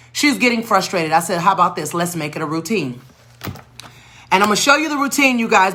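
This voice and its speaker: An animated woman educator tells a story from her teaching. Her voice is bright and forceful, and she acts out the voices of the people in it. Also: medium pitch. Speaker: educator and tutor.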